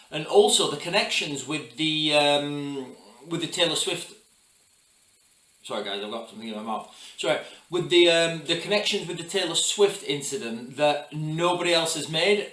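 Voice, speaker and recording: A man's voice: fairly high pitch, a bit bright. A man from the United Kingdom giving casual, rambling news commentary to camera as a vlogger, earnest in tone. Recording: roomy echo.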